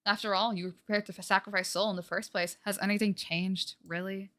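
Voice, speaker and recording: A woman voices a scheming ancient spirit who possesses a young woman, delivering the game dialogue on a livestream in a formal, condescending, archaic manner. She talks fast in a mid-range voice with little pitch movement, close to her everyday voice, while game music plays loudly behind.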